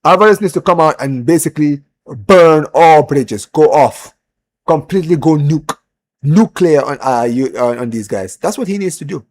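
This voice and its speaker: A man's voice: fairly high pitch, normal speed. A young man hosting a football live stream, ranting in casual chat, repeating himself and calling the audience "bro". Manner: animated, repeats himself, lots of "bro" and "man", rising when heated.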